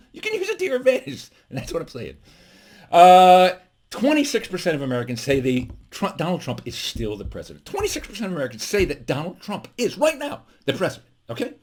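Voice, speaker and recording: A middle-aged man doing a stand-up comedy monologue as host from his home office, animated with mock-defensive asides. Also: on the high side, a little fast.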